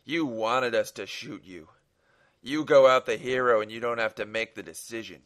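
A man reading aloud voices a cold, menacing masked gunman who leads the group, speaking with slow, contemptuous command. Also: mid-range voice, a bit bright, close to an everyday voice.

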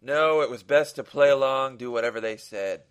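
A man's voice: medium pitch, moderate pace, clear, resonant tone. A man who hosts a podcast reads his own short story aloud, in an earnest, dramatic manner with a few small restarts.

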